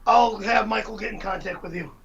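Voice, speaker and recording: A man with a very high, gravelly voice that swings widely as he whines and swears through live stream banter. He sounds out of breath. The sound is dull and lo-fi. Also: fast talker, a crowd in the background. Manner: whiny, exasperated, cursing. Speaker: show host.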